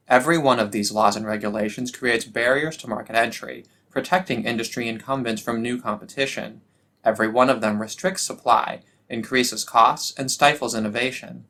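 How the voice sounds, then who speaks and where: A man's voice: medium pitch, steady tone, moderate pace, pushed and bright. A young adult man delivering a ranting solo political commentary, sarcastic, with frequent restarts and fillers.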